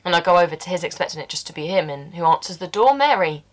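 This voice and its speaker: A woman's voice: fairly low pitch, lively intonation, fast talker. An actress performing a stage monologue as a blunt, working-class woman who confesses to a killing, swearing and dropping into whispers.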